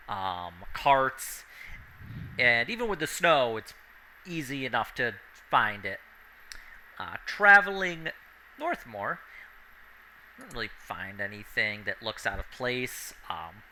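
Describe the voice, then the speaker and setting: A man's voice: medium pitch, pushed and bright, slight background noise, rough recording. A man narrating a tabletop game as game master in a loose, rambling way, with frequent fillers.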